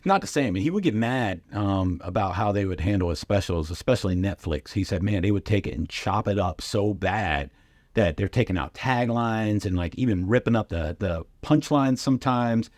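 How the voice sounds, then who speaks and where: A middle-aged man telling comedy anecdotes casually, with lively impressions and lots of fillers. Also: fairly low pitch, normal speed, no echo, clean studio sound. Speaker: guest comedian and radio host. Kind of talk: casual storytelling.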